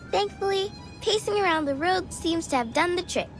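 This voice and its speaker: A woman doing a high, chatty sheep-headed lady. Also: animated, a little slow, soft background music, full character voice. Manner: polite, talkative, breezy.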